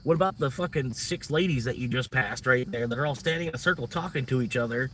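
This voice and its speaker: A man's voice: mid-range voice, quick pace, a bit bright, far from the mic, slight background noise. A man livestreaming a casual, rambling, profane rant about work and money. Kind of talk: casual venting monologue.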